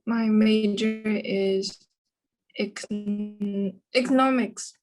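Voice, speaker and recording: A woman's voice: mid-range voice, steady tone, a little mellow, faint music behind, poor audio. Hesitant woman with a Chinese accent. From China. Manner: hesitant, halting, many restarts. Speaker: student. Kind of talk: exam speaking practice.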